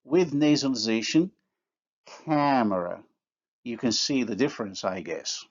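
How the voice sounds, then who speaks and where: A man's voice: mid-range voice, expressive, husky. A man giving a recorded linguistics lecture, who carefully sounds out each example word. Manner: slow, deliberate, carefully sounds out example words. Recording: dull lo-fi recording.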